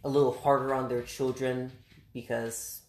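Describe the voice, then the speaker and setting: A woman talking expressively in a casual conversation, animated and quick to restart her sentences. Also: extremely low pitch. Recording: roomy echoing room.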